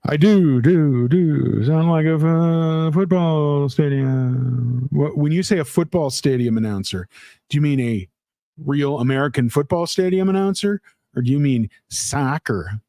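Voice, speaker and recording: A man's voice: fairly high pitch, a little slow, dark tone, dry recording. A man hosting a casual livestream, reading out chat comments in a rambling, playful way with lots of fillers. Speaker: livestream host.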